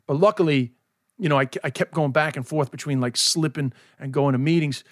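Fast-talking American man, frank podcast guest. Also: on the high side, dry recording. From New York, USA. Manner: frank, self-mocking, swears freely. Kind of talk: candid casual chat.

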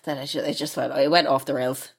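A woman's voice: extremely low pitch, fairly even intonation, fast talker, vocal fry, slightly rough. A woman hosting a casual chat, reading out listener questions, chatty and laughing often, swearing freely.

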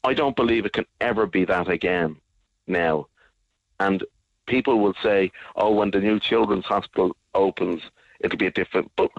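Angry man with a very deep voice. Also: moderate pace, gravelly, no echo. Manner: angry, emphatic, repetitive. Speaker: guest advocate. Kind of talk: radio interview. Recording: dull lo-fi radio sound.

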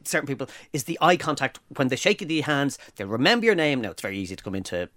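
A man co-hosting a podcast, telling stories in a jokey, animated way and laughing often. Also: mid-range voice, quick pace, no echo. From Ireland. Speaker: podcast co-host. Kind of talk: casual chat.

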